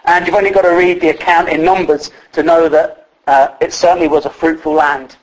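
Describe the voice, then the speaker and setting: A man preaching a relaxed, chatty sermon that is often broken up by fillers and restarts. His speaking voice sits somewhat high for a man. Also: fairly quick, rough recording. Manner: conversational, with many fillers and restarts.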